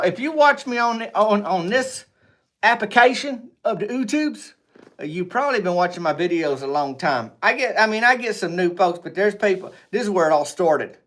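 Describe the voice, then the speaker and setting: A man hosting a casual livestream, rambling and joking with viewers, swinging between loud greetings and low asides. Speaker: livestream host. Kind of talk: casual live chat with viewers.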